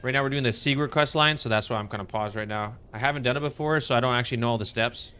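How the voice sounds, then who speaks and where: A man with a medium-pitched voice, racing, pushed and bright with a clean tone, streams a game live. Laid-back, he chats casually with viewers while playing and greets chat members with upbeat enthusiasm.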